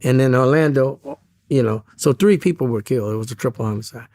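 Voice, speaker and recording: A man's voice: medium pitch, lively intonation, fairly quick, a little mellow, no room sound, clean studio sound. A man, a former police officer, recounting events in a casual interview, often stumbling and repeating words.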